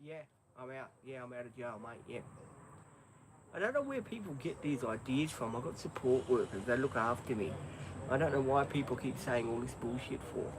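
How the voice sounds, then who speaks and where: A man's voice: medium pitch, lively intonation, normal speed, rough recording. An Australian man hosting a live stream, chatting in an easygoing, rambling way with many ums. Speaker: livestream host. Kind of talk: casual live stream chat.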